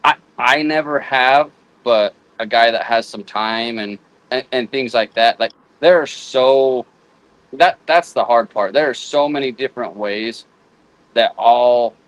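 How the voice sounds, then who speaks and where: The speaker is a guest houndsman with a mid-range voice, chatting casually. He halts often, restarting and repeating words as he figures out what to say, on a low-quality recording without echo.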